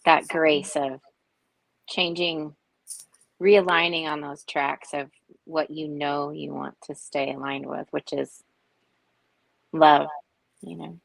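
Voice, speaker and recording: A woman in her forties on a video call, telling personal stories in an earnest, reflective way with many pauses. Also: low voice, little pitch movement, creaky, no echo, poor audio. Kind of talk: casual heartfelt group chat.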